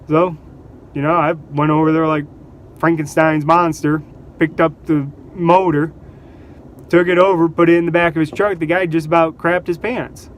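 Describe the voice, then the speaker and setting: A man with a fairly high voice tells casual stories to the camera. He is animated, laughs often and slips into voices for the people in his stories. There is a faint hum of outdoor traffic behind him. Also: normal speed. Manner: animated, laughs between anecdotes, acts out quotes. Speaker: vlogger. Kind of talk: casual storytelling.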